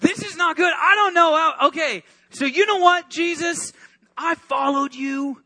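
A frantic young fisherman disciple frets aloud, played by a man preaching. His voice sits very high and bright, and the words tumble out in anxious self-talk. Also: unhurried, heavily acted, low-quality recording. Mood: panicked. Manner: frantic, fretful inner monologue. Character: panicking male fisherman disciple, young adult.

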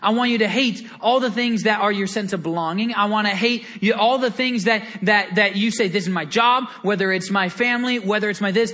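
Man, pastor, sermon, bright sharp tone, earnest, animated storytelling, repeated words. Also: high-pitched, a little fast, hardly any pauses.

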